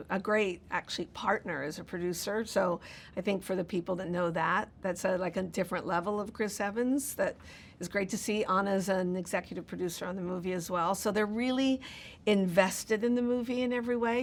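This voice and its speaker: A woman's voice: fairly low pitch, fairly even intonation, brisk, a little hiss or hum. A woman film producer talking casually in a press interview, rambling with many fillers and restarts.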